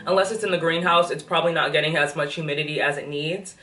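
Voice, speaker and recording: A young pregnant plant vlogger, speaking at a quick pace, has a low, slightly bright voice and a steady tone. She chats keenly and a bit breathlessly through a casual plant update inside her apartment among the plants. The room is echoey, her voice is distant, and there's faint music.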